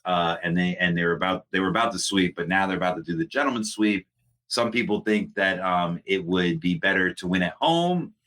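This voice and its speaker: A man co-hosting a podcast, rambling through casual chat with restarts and frequent laughs. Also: sits low. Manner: rambling, animated, laughs often. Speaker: podcast co-host.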